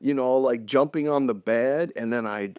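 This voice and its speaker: A man's voice: mid-range voice, normal speed, smooth, no room sound, clean studio sound. An older man co-hosting a podcast, chatting casually and acting out family stories with playful voices. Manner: animated storyteller who acts out kids' voices. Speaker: podcast co-host. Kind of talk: casual chat.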